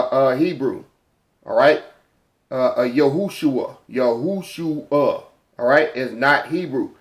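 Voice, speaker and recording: A man teaching informally from a chart, halting often with repeated fillers and sounding out letters and syllables. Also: medium pitch. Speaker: religious teacher.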